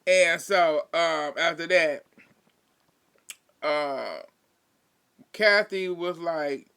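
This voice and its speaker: A man's voice: a little high, drawn-out words, gravelly, sharp tone, clear, resonant tone. A man giving a chatty, slangy recap in casual commentary, laughing often and adding sassy asides. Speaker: reality TV recap vlogger.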